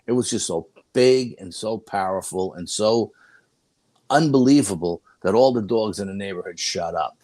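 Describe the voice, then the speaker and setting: Older man with a deep voice, rambling tale. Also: normal speed, darkish tone, no room sound. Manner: rambling, full of "you know" and restarts. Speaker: paranormal investigator guest. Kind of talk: casual storytelling.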